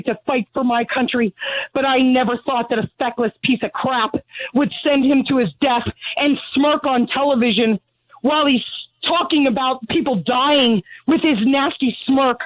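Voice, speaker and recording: A grieving, angry mother calls in for a phone interview, speaking bluntly in a high voice at a moderate pace. She is out of breath from pacing, and the phone line sounds tinny.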